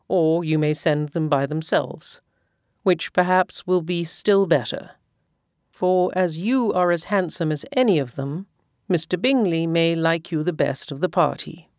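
Woman voicing a calm ironic older husband, slow teasing drawl, lowered voice. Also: no room sound, studio quality. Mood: dry. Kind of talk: audiobook character voice.

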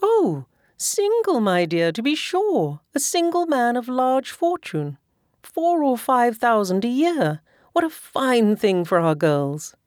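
Woman reading a high excitable chattering mother, insistent, fussing, dry close sound. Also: slow, no echo. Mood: eager. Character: excitable chattering middle-aged mother, eager matchmaker. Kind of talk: audiobook character voice.

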